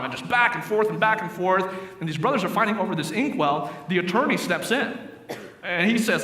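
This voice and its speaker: Bright-voiced pastor in an echoing hall. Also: male voice, high-pitched, brisk, distant mic. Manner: animated storyteller voicing characters in jokes. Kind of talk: sermon storytelling. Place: church sanctuary. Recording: echoey hall recorded from afar.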